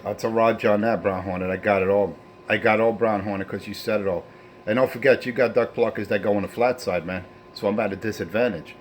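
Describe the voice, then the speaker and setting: A man's voice: lowish voice, fairly even intonation, fast talker, slight background noise. A man on CB radio, bantering with other operators in a boastful, folksy way and signing off with his handle. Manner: boastful, folksy, trash-talking. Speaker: CB radio operator and channel host.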